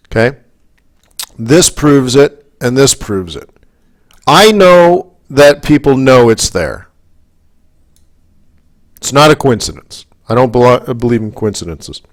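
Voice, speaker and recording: Man from Canada, forex coach running live commentary, mid-range pitch, chatty and prone to heated tangents. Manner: rambling, talks in asides, keeps checking in with the audience; gets worked up and emphatic. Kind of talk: live market commentary webinar.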